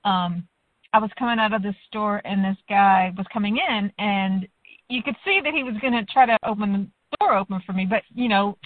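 A woman's voice: mid-range voice, normal speed, no room sound. A woman reflecting in casual chat, an encouraging listener. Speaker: conversation partner. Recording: dry, tinny phone-like line.

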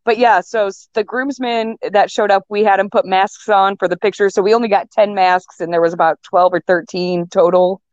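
A woman's voice: medium pitch, steady tone, moderate pace, hardly any pauses, darkish tone, dry recording. A young woman chats casually as a guest, rambling along with fillers and false starts. Her voice sits mid-range, and the recording is dry and a little dull, like lo-fi audio. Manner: chatty, rambling with many fillers and restarts. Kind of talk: casual chat. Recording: dull lo-fi sound.

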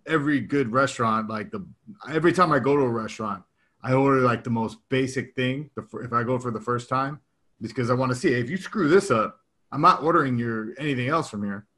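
A man's voice: medium pitch, fairly quick, a bit bright. A man in his thirties or forties co-hosting a podcast in casual, rambling chat, laughing often as he talks. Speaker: podcast co-host.

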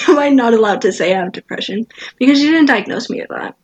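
A young woman talking casually among friends, her voice a little husky and breathy. She rambles, piling up fillers and trailing off mid-thought. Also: on the high side, expressive, fairly quick, dull audio. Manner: rambling, filler-heavy, giggly.

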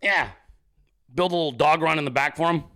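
A middle-aged man hosting his own show, rambling casually with constant swearing and animated asides. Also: on the high side, brisk. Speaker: show host. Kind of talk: casual profane livestream chat.

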